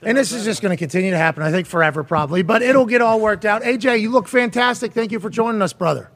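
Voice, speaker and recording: A man hosting a sports talk show, loud, profane and excitable in casual banter. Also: high voice, fast talker. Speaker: show host.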